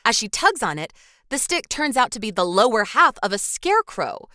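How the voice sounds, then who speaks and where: Lively bright-voiced woman podcast host. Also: a little high, normal speed, no room sound. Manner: scripted recap broken by dry quips. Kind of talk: reading a film recap, with asides.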